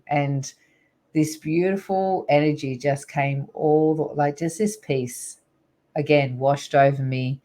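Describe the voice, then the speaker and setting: A woman's voice: low voice, steady tone, slow, dark tone. A middle-aged woman, a guest on an interview show, earnestly recounting a personal spiritual story in a rambling way with many fillers.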